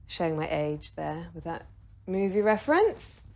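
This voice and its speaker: A woman talks a class through a meditation in a relaxed, chatty way. Her voice sits a little low for a woman, and she jokes, laughs and swears casually as she guides. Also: moderate pace, vocal fry. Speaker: meditation teacher. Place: video shoot with a videographer.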